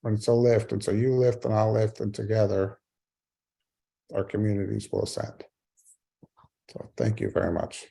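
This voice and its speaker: Man, middle-aged, keynote storyteller, gravelly, husky, wry humor. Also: fairly low pitch, little pitch movement, normal speed, long pauses, dark tone. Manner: wry, self-mocking humor. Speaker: keynote speaker. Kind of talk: storytelling speech.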